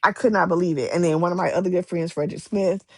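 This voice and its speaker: A woman romance author telling stories in a casual interview, lively and acting out the people she quotes. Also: on the low side, quick pace. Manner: animated, acts out quoted voices, many restarts.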